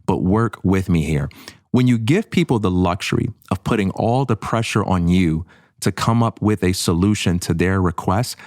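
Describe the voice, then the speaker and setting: A man with a very low, deep voice talks through ideas in an earnest, explanatory way on a podcast. His pitch jumps up when he acts out what someone else might say. The sound is close and dry, with no room echo. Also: normal speed. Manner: earnest, explanatory, animated when quoting others. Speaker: podcast co-host. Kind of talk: conversational podcast discussion.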